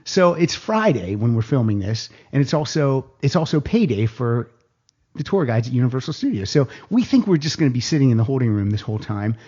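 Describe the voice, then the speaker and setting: A man telling a casual anecdote on a podcast, animated, jumping higher in pitch when he quotes people. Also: a little fast, breathy edge, muffled recording. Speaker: guest storyteller.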